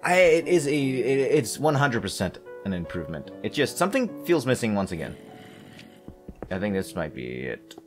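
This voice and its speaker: A man's voice: lowish voice, sing-song, moderate pace, soft background music. A man giving casual, meandering let's-play commentary, self-deprecating and full of hesitant restarts. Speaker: gameplay commentator.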